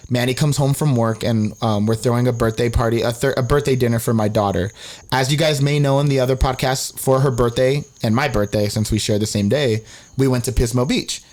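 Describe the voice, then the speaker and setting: Animated young man telling a story. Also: brisk. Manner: animated, acts out quotes with big pitch jumps, swears freely. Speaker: podcast co-host. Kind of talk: casual storytelling chat.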